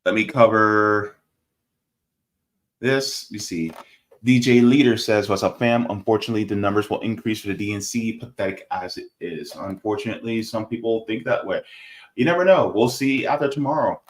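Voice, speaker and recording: A man hosting a political livestream, talking casually and reading out chat comments, animated and sarcastic, jumping from loud outbursts to low mutters. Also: normal speed. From United States.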